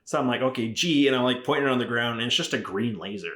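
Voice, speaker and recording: A fast-talking Arizona man in middle age, who founded a rifle company, chats on a podcast in a mid-range, fairly bright voice with slight background noise. He swears and uses plenty of fillers as his stories ramble, and the room echoes.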